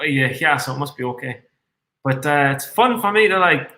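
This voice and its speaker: Foul-mouthed trader, bright tense voice. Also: male voice, on the high side. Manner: swears constantly, excitable, reads chat aloud. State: tipsy from red wine. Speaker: day trader streaming live. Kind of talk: live trading commentary. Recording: echoey room.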